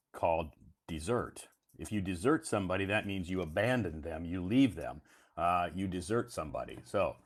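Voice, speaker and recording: Deep-voiced man teaching English casually. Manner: repetitive, emphatic, teacherly explanations. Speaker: English teacher hosting a live stream. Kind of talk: casual live-stream chat.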